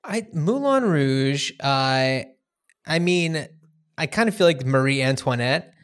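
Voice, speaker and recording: A man co-hosting a podcast, chatting about films in a relaxed way and hedging with fillers. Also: fairly high pitch, slow pace, clean tone. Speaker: podcast co-host. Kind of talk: casual film discussion.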